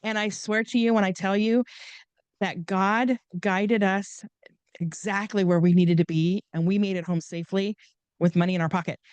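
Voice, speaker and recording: A woman's voice: mid-range voice, fairly even intonation, normal speed, a little mellow, smooth, no room sound. A woman guest telling stories in a chatty, rambling way, laughing often and restarting her sentences. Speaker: podcast guest and author. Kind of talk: casual storytelling interview.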